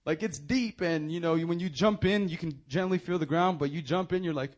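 A young man preaching a sermon, moving from hushed, earnest appeals to loud, animated storytelling. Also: on the high side, fairly quick.

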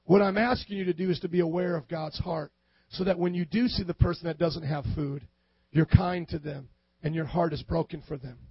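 High-voiced man preaching with fervor. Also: fairly even intonation, a little fast, slightly rough, no room sound, lo-fi sound. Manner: impassioned preaching that swells into shouts. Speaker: pastor. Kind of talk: sermon.

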